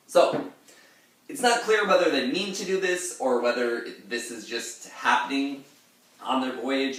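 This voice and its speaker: A man in a fairly low voice talks through a poem casually, wandering into asides and filling gaps with "uh". He sounds distant from the mic, in a very echoey room. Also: a bit bright. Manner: chatty and digressive, many "uh" fillers. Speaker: poetry teacher. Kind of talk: casual literary explanation.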